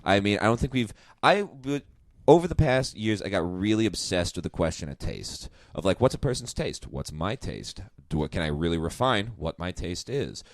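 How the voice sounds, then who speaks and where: A man's voice: on the low side, big pitch swings, moderate pace, dry recording, studio quality. A man hosting a casual chat, rambling and self-mocking as he talks. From New York. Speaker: podcast host.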